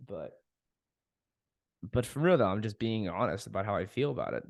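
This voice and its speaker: A man's voice: fairly low pitch, big pitch swings, normal speed, vocal fry, dry recording, studio quality. A young man hosting a podcast, talking casually and frankly, venting with frequent swearing and laughing at himself. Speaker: podcast host. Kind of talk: casual solo podcast monologue.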